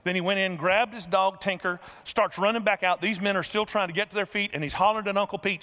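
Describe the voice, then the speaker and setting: A middle-aged man preaching a sermon, telling a folksy story and acting out the scenes with lively energy. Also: high-pitched, quick pace, hardly any pauses. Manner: folksy, animated storyteller who acts out scenes. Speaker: pastor. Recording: reverberant large hall.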